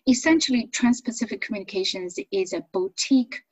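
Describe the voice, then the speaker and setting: A middle-aged woman from China, a native Chinese speaker and business owner, telling her life story in a chatty, animated interview. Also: medium pitch, brisk, slightly rough, dry recording, poor audio. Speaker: business owner and accent coach.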